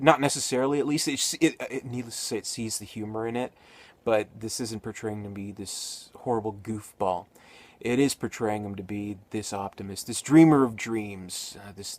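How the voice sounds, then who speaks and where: A man's voice: on the low side, no room sound. A man giving a casual spoken movie review, rambling with many fillers and restarts.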